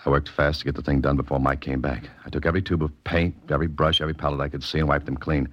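A deep, wisecracking detective. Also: male voice, little pitch movement, rapid-fire, dull audio, slight background noise. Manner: dry, wisecracking and commanding. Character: wry, self-assured male detective. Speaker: private detective. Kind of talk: 1940s radio acting.

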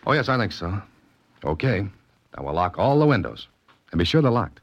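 An actor playing a wry, self-assured detective in a 1940s radio drama, dry and commanding. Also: male voice, fairly low pitch, very animated, normal speed, dry recording, lo-fi sound. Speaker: private detective.

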